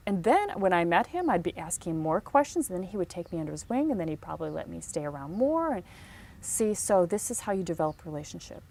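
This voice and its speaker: A woman teaching career advice in casual talk, telling stories with animated delivery and acting out the people she quotes. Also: fairly low pitch, creaky. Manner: animated storytelling, acts out quotes.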